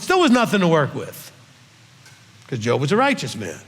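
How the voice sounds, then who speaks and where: A man with a fairly high voice leads a conversational scripture Q&A as a rabbi. He presses his points hard and keeps asking "okay?". His voice carries a long hall reverb. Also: wildly swooping pitch, unhurried, long pauses. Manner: emphatic, ends points with "okay?". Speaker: rabbi teaching a Q&A. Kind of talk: conversational Bible teaching.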